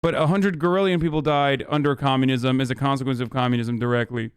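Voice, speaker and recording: A man's voice: medium pitch, steady tone, fast talker, clear, resonant tone, dry recording, clean studio sound. A young adult man doing casual livestream commentary in a sarcastic, profane and mocking way. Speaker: streamer.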